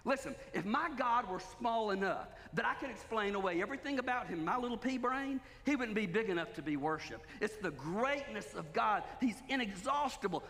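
High-voiced pastor preaching. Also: male voice, animated, brisk, few pauses, pushed and bright. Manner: emphatic preaching with repeated rhetorical questions. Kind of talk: sermon. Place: church sanctuary. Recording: long hall reverb.

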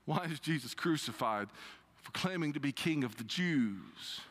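A man preaching a sermon, reading scripture and retelling it with expressive rises and drops. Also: moderate pace. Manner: expressive preaching with dramatic pitch swings when quoting scripture. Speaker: pastor.

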